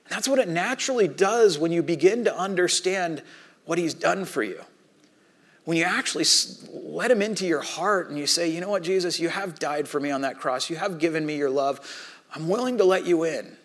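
Middle-aged pastor, sermon delivery, casual storyteller who acts out dialogue, slightly raised male pitch. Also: lively intonation, fairly quick.

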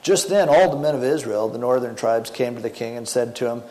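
A middle-aged man preaching in a relaxed, colloquial way, retelling scripture as if it were gossip among friends. His voice sits at an ordinary pitch for a man. A long hall reverb trails behind every phrase. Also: fairly quick. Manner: colloquial and chatty, slangy paraphrase. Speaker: pastor. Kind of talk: casual sermon retelling a Bible story.

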